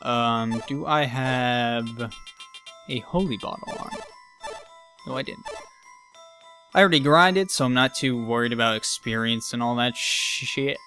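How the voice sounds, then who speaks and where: A man's voice: mid-range voice, measured pace, pauses often, pushed and bright, faint music behind. A man giving casual gameplay commentary, ranting with exasperated profanity and jokes. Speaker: let's play commentator.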